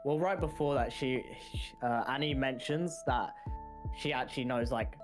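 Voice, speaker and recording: A man's voice: medium pitch, moderate pace. A man co-hosting a casual anime breakdown, often chiming in with short agreements. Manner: frequent short agreeing interjections. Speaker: podcast co-host. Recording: music playing behind.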